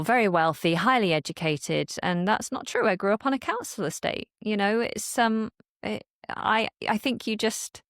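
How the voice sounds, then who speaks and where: A woman's voice: medium pitch, no echo, clean studio sound. Articulate woman with a light Northern accent. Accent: light Northern English. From Manchester, England. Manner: articulate, earnest, clear speech. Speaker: guest, English teacher creator. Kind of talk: casual interview chat.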